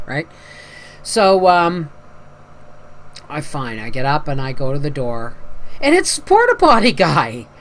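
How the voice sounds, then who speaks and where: A woman's voice: medium pitch, a bit bright. A woman talking casually to camera as a homestead vlogger, a chatty storyteller who acts out the voices in her anecdotes and sounds tired after a night with a migraine.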